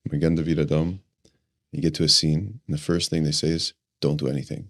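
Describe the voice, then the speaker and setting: A man hosting a podcast, calmly explaining and teaching as a coach. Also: rumbling low, brisk, dry recording, clean studio sound. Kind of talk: reflective explanation.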